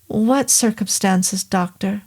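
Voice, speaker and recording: A woman's voice: mid-range voice, slow pace, darkish tone. A woman voicing a grieving grown daughter who speaks firmly and stresses each word, in an audiobook reading. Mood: tense. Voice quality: trembling, then firm and emphatic. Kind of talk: audiobook character voice.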